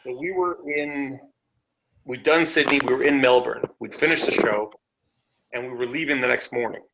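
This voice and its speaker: A man's voice: normal speed, dull audio, background noise. A man guesting on a podcast, telling road stories casually from home over a call. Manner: relaxed storyteller who puts on a silly high voice. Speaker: interview guest. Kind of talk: casual storytelling.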